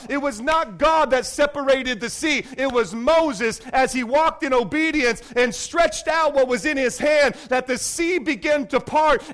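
Man, very high pitch, pastor, animated sermon, loud and hushed turns. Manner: animated, swings between loud declaring and hushed asides.

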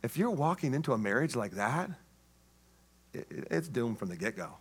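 A man preaching a sermon, telling a story in an animated way and acting out the voices. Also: medium pitch, moderate pace, breathy edge. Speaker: pastor.

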